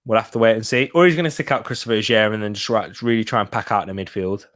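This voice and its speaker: A young man doing live watch-along commentary of a football match, reacting loudly to chances and chatting to viewers. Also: fairly low pitch, fast talker.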